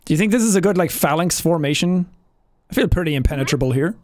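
A woman's voice: fairly low pitch, animated, fast, dry recording, studio quality. A young woman streaming a game, chatting casually, playful and joking. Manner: playful, joking, shouts bits.

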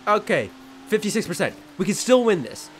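A young man at home giving jokey, excitable let's-play commentary, often shouting at the game. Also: sits high, fairly quick, a little hiss or hum. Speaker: gaming channel host. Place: his room at home.

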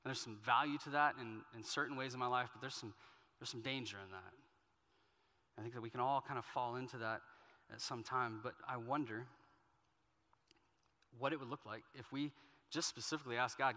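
Guy pastor preaching, bright voice, chatty storytelling w/ jokes on himself, big echoey church. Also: mid-range voice, steady tone, fairly quick, long pauses. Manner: conversational storytelling with self-deprecating humor. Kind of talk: sermon. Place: church auditorium.

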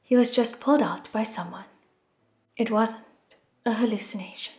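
A woman narrating an audiobook in an expressive, soft reading style. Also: on the high side, normal speed. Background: soft music.

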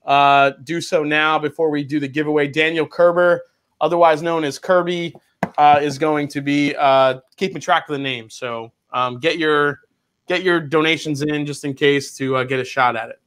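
High bright-voiced guy hosting a livestream, lots of bounce, jokes around. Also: normal speed. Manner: excitable joking. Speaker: host. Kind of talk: casual livestream chat.

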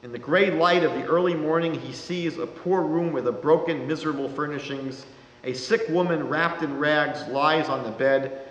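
A man, a rabbi giving a lecture, telling a story in a measured, dramatic way. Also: fairly high pitch, lo-fi sound. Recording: reverberant lecture hall.

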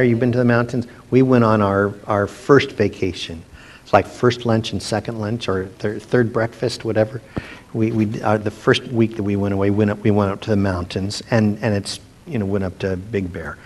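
A man leading a casual Bible study, reading verses aloud and wandering into chatty personal asides with frequent restarts. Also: fairly low pitch. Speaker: pastor teaching a Bible study.

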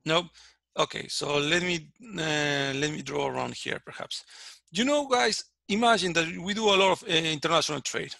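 Guy lecturing finance over zoom, gravelly and bright, keeps asking got it, dry sound. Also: a little high, normal speed, no echo. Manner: checks understanding often, with many restarts. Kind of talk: lecturing on a video call. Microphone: computer mic on a video call.

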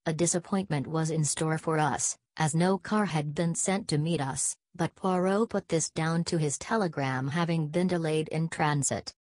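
A woman narrates an audiobook in a steady, measured way. Her voice is low-pitched and the recording is close and completely dry. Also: dry recording. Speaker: audiobook reader. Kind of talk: scripted narration.

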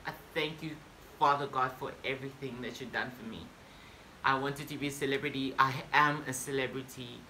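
A man vlogging a casual storytime monologue to camera, excitable and boastful, breaking into sudden loud swearing outbursts. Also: medium pitch, fairly quick, slight background noise.

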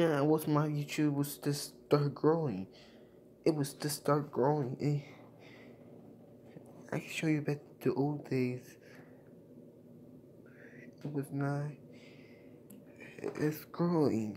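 A young male YouTuber with a fairly high, mellow voice talks casually to his subscribers over slight background noise. He's emotional and repetitive, thanking them again and again and constantly saying "guys."

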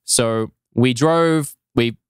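A man's voice: medium pitch, drawn-out words, smooth, dry recording, clean studio sound. Rambling man telling a travel story. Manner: rambling, animated retelling with filler words. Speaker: podcast co-host. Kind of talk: casual storytelling chat.

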